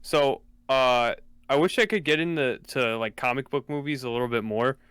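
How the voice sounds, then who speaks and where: A man's voice: mid-range voice, moderate pace, smooth, dry recording. A man on a podcast as a guest, chatting casually and rambling a little, with plenty of "uh". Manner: relaxed, rambling, uses "uh" a lot. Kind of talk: casual chat.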